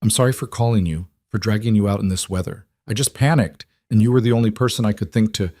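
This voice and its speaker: A man's voice: lowish voice, fast, mellow, no echo, clean studio sound, natural voice. A man voicing an anxious, overwhelmed woman executive who talks in a shaky, apologetic, self-critical way.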